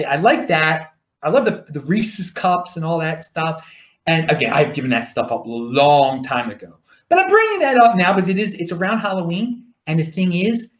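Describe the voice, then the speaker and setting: A podcast host with a Baltimore accent talks in a casual, rambling monologue full of restarts and jokey asides. His voice sits a little high and swings up and down a lot. The room around him sounds roomy and echoey.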